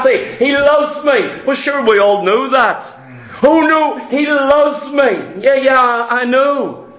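A man's voice: very high voice, bright, forceful tone. A man preaching a sermon, telling a story with emphatic repetition. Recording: echoey hall.

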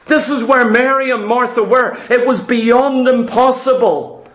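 Man with a really high voice preaching hard, lots of questions at the crowd, echoey church. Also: unhurried, a bit bright. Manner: fervent, rhetorical questions to the congregation. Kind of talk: sermon.

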